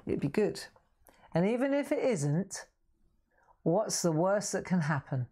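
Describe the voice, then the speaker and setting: A woman's voice: lowish voice, big pitch swings, measured pace, long pauses, warm tone. A woman hosting a live craft demonstration, chatty, self-deprecating and reassuring as she paints. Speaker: craft host.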